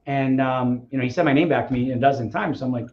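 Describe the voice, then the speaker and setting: A man as a podcast guest, telling a story in a casual, animated way and acting out the dialogue. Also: medium pitch, fast talker. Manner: animated, acts out quoted dialogue. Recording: slightly muffled audio.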